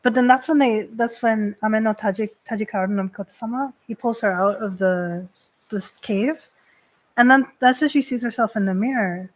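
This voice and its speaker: A woman's voice: on the high side, moderate pace, low-quality recording. Chatty woman priestess hosting a stream. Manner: chatty, heavy use of "like" fillers. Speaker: Shinto priestess and host. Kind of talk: casual live-stream talk on religion.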